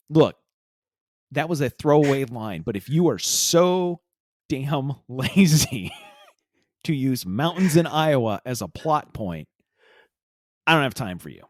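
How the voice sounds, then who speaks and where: A man hosting a podcast, who tells a long story in a hesitant, rambling way full of uhs. The sound is dry and close, with no room echo. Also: on the high side. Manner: rambling, hesitant, with many filler uhs and restarts. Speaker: podcast host. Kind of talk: casual chat, storytelling.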